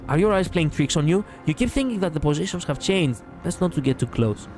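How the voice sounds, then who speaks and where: A man's voice: a little high, animated, brisk, a little mellow, soft background music. Playful Greek-accented man streaming a game. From Greece. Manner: playful, breaks into laughter and quips between read-out lines. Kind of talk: gameplay livestream, reading game text aloud.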